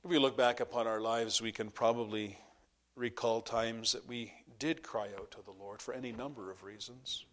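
A pastor preaching a sermon to his congregation, impassioned, swinging between loud peaks and hushed drops. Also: medium pitch, fairly even intonation, normal speed.

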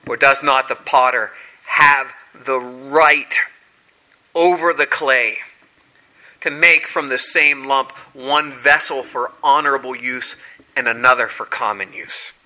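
A man preaching a sermon, telling scripture stories dramatically and acting out the quoted lines with big swings in pitch and loudness. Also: steady tone, slow, low-quality recording.

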